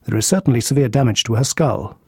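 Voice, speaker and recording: A man voicing a measured, authoritative detective in an audiobook mystery. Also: medium pitch, warm tone, slightly rough, no room sound, studio quality. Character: calm, incisive consulting detective, man. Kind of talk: audiobook character voice.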